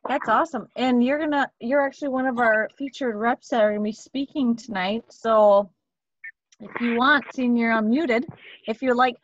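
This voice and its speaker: Woman, team meeting host, upbeat, enthusiastic, slightly high voice, video call, dull audio. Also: normal speed, no echo. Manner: upbeat, enthusiastic, cheering others on. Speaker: team leader hosting a sales meeting. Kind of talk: casual meeting talk.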